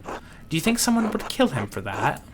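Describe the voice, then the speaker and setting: A formal, probing church official, read by a man. He questions a witness in a measured, official manner. His pitch moves in a lively way. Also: noisy background.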